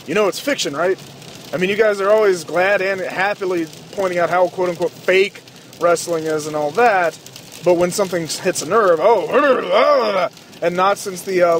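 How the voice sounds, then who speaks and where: A man's voice: high-pitched, slight background noise. A man hosting a podcast, ranting in heated, sarcastic commentary full of swearing. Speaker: podcast host.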